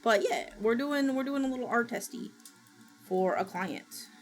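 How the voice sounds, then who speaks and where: A woman streaming, chatting casually while she works and gasping and squealing with excitement as she greets viewers. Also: a little high, a little slow. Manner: excitable, gasps and squeals at new followers; chatty and self-mocking, talking while working. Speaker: VTuber streamer. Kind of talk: casual livestream chat. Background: faint background music.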